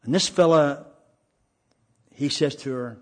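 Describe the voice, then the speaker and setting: Male evangelist, storytelling testimony, slightly high pitch, earnest and halting. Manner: plain, earnest, halting with restarts.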